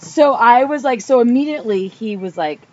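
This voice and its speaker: A woman's voice: on the high side, lively intonation, moderate pace. Female co-host, casual chat, blunt storyteller who swears and acts out quotes, lo-fi sound. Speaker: podcast co-host. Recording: dull lo-fi podcast audio with faint background noise.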